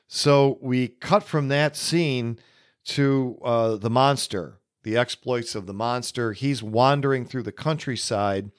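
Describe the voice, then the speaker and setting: A man hosting a podcast, giving casual solo film commentary in an unhurried, musing way with many pauses. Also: medium pitch. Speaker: podcast host.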